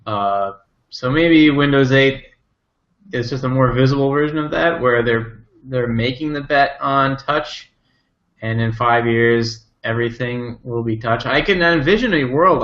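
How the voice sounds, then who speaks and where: A man's voice: mid-range voice, a bit bright, echoey room. A man co-hosting a casual tech podcast, speculating and joking in a dry, sarcastic way. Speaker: podcast co-host. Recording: dull lo-fi audio.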